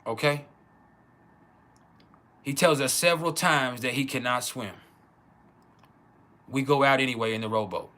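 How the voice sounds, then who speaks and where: Man telling a story, halting. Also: mid-range voice, pushed and bright. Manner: casual, halting, many restarts and repeats. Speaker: channel host. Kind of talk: personal storytelling.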